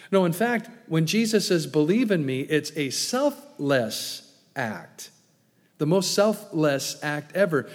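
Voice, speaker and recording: A man's voice: a little high, lively intonation, a little slow, darkish tone, big-room sound. A man preaching an expository sermon in an earnest, emphatic way, often repeating words and adding asides.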